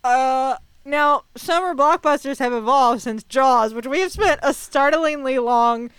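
A young adult woman co-hosting a podcast, chatting casually with her sisters in a wry, measured way. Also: sits high, fairly bright tone, clear, resonant tone, no echo. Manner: wry, measured, reads sponsor spots. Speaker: podcast co-host. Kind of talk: casual chat among sisters.

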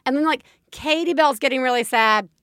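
A woman's voice: a little fast, clean tone, no echo, studio quality. A woman in her thirties co-hosting a podcast, chatting casually and acting out her own stories. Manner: animated storyteller, acts out her own shrill yelling. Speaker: podcast co-host. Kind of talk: casual chat.

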